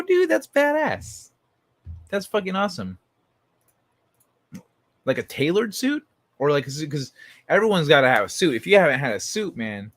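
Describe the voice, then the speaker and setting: A man's voice: mid-range voice, a bit bright, dry recording. A man hosting a casual late-night livestream, talking loosely and with plenty of swearing while he reads viewers' chat messages aloud. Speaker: livestream host.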